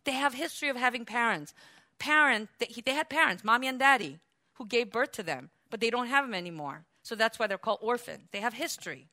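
A woman pastor delivers a sermon, sinking into quiet explanation before climbing into loud, high-pitched preaching. She questions the congregation and calls for amens, and her delivery is animated and quick.

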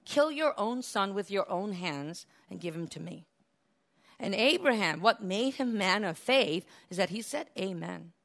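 A woman preaching a sermon with a bright, forceful voice. She tells the scripture as a lively story, breaking into laughs and acting out the quotes. Her pitch sits in a middle range for a woman. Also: unhurried, creaky.

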